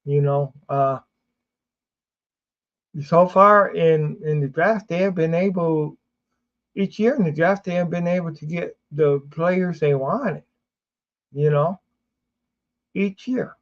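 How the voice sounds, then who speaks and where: Sleepy guy rambling about football on his stream, slow and kinda high, muffled lo-fi audio. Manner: rambling, many fillers and restarts. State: sleepy, yawning. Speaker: sports show host. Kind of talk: casual livestream sports talk.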